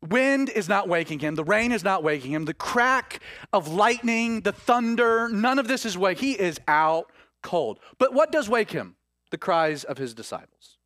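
A man preaching a sermon in an animated way, acting out the voices he quotes. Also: sits high, normal speed, no echo, clean studio sound.

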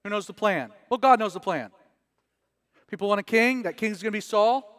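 A man's voice: high voice, moderate pace, a bit bright, no echo. A man preaching a casual verse-by-verse sermon as pastor, conversational and joking with slang asides.

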